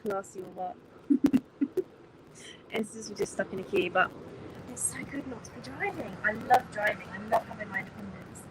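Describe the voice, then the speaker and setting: On a bus crawling through traffic, a woman from England livestreams from her handheld phone, her mid-range voice lively in intonation at a normal speed but broken by long pauses. She rambles casually and says hello to viewers by name over the engine and road noise.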